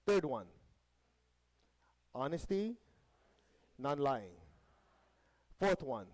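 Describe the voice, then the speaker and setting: A man's voice: on the high side, darkish tone, low-quality recording. A man teaching a spiritual lesson to a live group. He often checks in with the audience, has them repeat phrases after him, and slips in light jokes. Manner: light joking asides. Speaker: meditation teacher.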